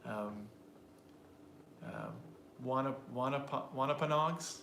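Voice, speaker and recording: A man coaches English pronunciation in a relaxed, chatty way, often restarting his sentences as he thinks aloud. He talks straight to his learners. The room sounds echoey, with a faint hum of background noise behind him. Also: mid-range voice, slow pace, creaky. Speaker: pronunciation teacher. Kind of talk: casual teaching chat.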